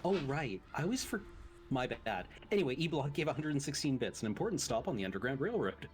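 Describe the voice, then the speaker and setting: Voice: medium pitch, sing-song, fast talker, faint music behind. A stream co-host in casual chat, reading subscriber thanks and stumbling over names.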